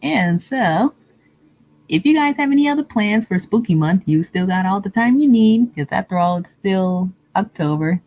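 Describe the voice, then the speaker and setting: A woman's voice: medium pitch, animated, moderate pace, highs cut off. A woman streamer chatting casually with her viewers, answering comments and laughing often. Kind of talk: casual live-stream chat.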